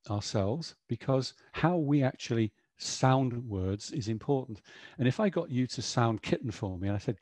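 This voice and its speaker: A middle-aged man gives an educational webinar talk in a chatty, explanatory way. His voice is husky and mellow. The sound is dry and close. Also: mid-range voice, animated, normal speed, no room sound. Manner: chatty, explanatory, frequent "you know". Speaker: webinar presenter.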